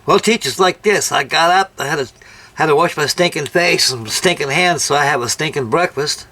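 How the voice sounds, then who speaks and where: A man's voice: medium pitch, fairly quick, fairly bright tone, a little hiss or hum, natural voice. A man voicing a cocky Italian-American teenage boy who bluntly peppers every sentence with a mild curse word. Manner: swears mildly in every sentence.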